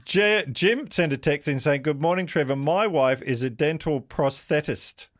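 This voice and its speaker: A man's voice: a little high, normal speed, no echo, clean studio sound. Easygoing radio host man. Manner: easygoing, inviting callers, light teasing. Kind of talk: live talkback radio. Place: radio studio.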